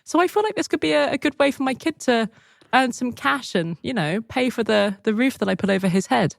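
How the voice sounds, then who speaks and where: Female podcast co-host, wry and joking, animated pitch, dry close mic. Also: a little fast, gravelly, dry recording. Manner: wry, joking, lively storytelling. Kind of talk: casual news podcast chat.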